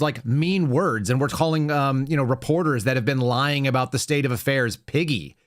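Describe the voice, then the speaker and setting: A man's voice: medium pitch, moderate pace, few pauses. A man hosting a podcast, giving casual political commentary in a conversational way, with fillers and self-corrections. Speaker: podcast host.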